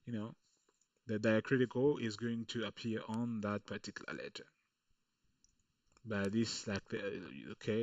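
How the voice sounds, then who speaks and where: A man's voice: medium pitch, no room sound, recorded from a distance, lo-fi sound. A man teaching a screen-recorded coding lesson, explaining patiently and checking in with "okay" along the way. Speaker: coding tutorial instructor.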